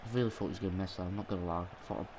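Exasperated guy with steady hiss behind. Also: deep voice, very fast. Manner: ranting, swearing, exasperated muttering. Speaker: gaming channel host. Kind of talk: live gameplay commentary.

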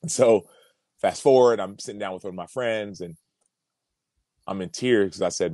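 A man with a very low, deep voice tells a personal story as a podcast guest. He speaks earnestly and reflectively, circling back on words as he works through a thought. The sound is dry and close, with no room in it. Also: fairly quick, long pauses, dark tone, dry recording. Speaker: podcast guest, former pro football player.

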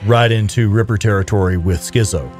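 A man's voice: fairly low pitch, a little fast, a little mellow, faint music behind. A man hosting a gameplay stream, chatting casually and swearing freely. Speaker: gaming channel host.

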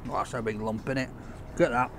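A man's voice: medium pitch, fairly even intonation, quick pace, noisy background. A man reviewing a takeaway meal in a chatty, enthusiastic, jokey way, talking outdoors on a street. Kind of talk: casual food review vlog.

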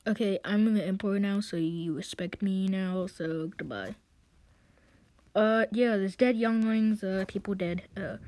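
A woman's voice: medium pitch, fairly even intonation, a little slow, dark tone, a little hiss or hum. A woman rambling through an improvised story retelling, full of hesitations, jumping between put-on character voices and whispers.

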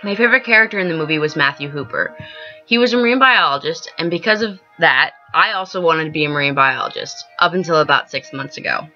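A woman's voice: sits low, animated, fast. A young woman vlogging an earnest, emotional rant she wrote as a script, stumbling and restarting now and then. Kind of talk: scripted personal vlog rant. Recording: dull lo-fi with soft piano music. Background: soft piano music.

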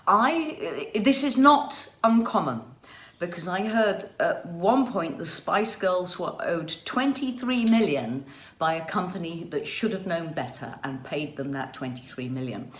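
A woman from Birmingham with a Birmingham accent, co-hosting a casual chat with lively asides. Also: fairly low pitch, a little slow. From England. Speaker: co-host. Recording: roomy echo.

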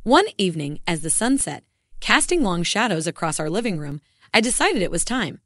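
Woman, scripted story narration, emotional, lowish voice, dry sound. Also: very animated, normal speed, fairly bright tone, no room sound. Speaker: first-person story narrator.

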